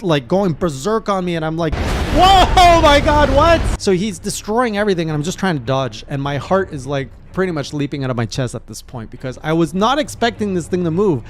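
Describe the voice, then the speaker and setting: A man, a gaming streamer, recapping his playthrough in casual narration with animated, excited reactions. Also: on the high side, a little fast, hardly any pauses, a little hiss or hum.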